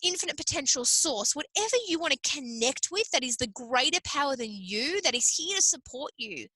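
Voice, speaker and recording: Casting: woman podcast host, bright forceful tone, fairly high voice, earnest and emphatic. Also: lively intonation, a little fast, hardly any pauses, no room sound, rough recording. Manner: earnest, repetitive, emphatic with occasional swearing. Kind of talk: motivational solo podcast.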